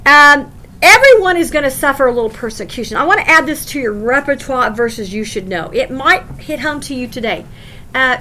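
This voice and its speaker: A woman's voice: high-pitched, sharp tone, a little hiss or hum. A woman teaching a Bible lesson as a sermon, reading scripture aloud and driving her points home by repeating them, with conversational asides. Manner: emphatic, repeats phrases for stress, reads scripture aloud.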